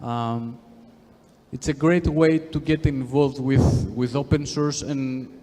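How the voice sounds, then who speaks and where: A man's voice: mid-range voice, steady tone, slow pace, warm tone. Brief: Greek-accented male conference speaker, filler-heavy delivery, reverberant hall. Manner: frequent "you know" fillers, restarts. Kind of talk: tech conference talk.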